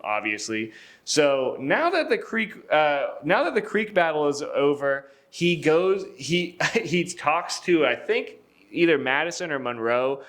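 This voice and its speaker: A man's voice: mid-range voice, a bit bright. Young guy podcast cohost telling history, cursing, laughing, doing silly voices for people. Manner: loose and profane, acts out quotes in jokey voices; laughs often, many fillers and restarts. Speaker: podcast co-host. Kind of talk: casual history storytelling.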